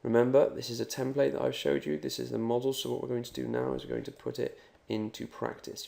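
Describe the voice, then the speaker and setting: Gravelly upbeat man teaching. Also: mid-range voice, warm tone. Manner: upbeat, talks straight to the learner. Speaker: Spanish teacher. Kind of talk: recorded language lesson.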